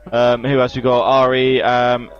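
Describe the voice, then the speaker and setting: A man calmly calling a sim racing qualifying session, with dry humour. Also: mid-range voice, a little slow. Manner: laid-back, dry humour. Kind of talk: live esports race commentary. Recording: slightly dull lo-fi mic.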